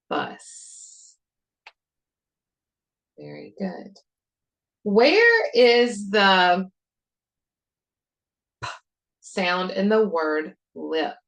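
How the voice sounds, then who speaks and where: A woman teacher modeling a phonics lesson for other teachers, sounding out words and repeating prompts deliberately. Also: medium pitch, fairly bright tone, low-quality recording. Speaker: reading intervention teacher.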